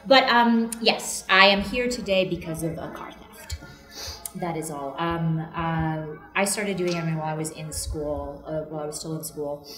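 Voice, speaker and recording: A woman voice actress telling funny stories in a casual convention interview, animated and laughing as she acts out people's voices. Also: low voice, moderate pace, soft background music. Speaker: voice actress guest. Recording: echoey room.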